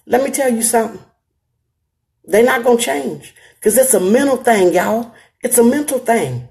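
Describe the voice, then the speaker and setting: A woman's voice: fairly high pitch, expressive, moderate pace, vocal fry, a little mellow. A middle-aged woman with an African American Vernacular English accent, hosting a live stream and giving earnest advice straight to her viewers, emphatic and repeating her phrases.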